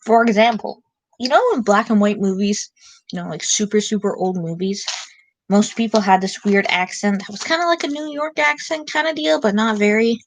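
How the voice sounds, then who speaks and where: A woman's voice: medium pitch, moderate pace, no echo, rough recording. A young woman streaming late at night, chatting casually and rambling with lots of filler words.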